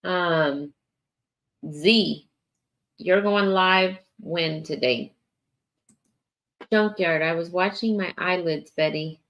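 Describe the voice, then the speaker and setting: A weary woman chats with her viewers on a morning livestream she hosts, rambling in a drawn-out way with plenty of fillers and yawns. Her voice is lowish and a bit bright, and the recording is muffled.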